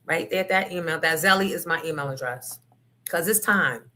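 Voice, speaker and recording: A woman's voice: low voice, moderate pace, pushed and bright. A woman hosting a livestream talk show, ranting bluntly with lots of profanity and emphasis. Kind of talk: casual livestream rant.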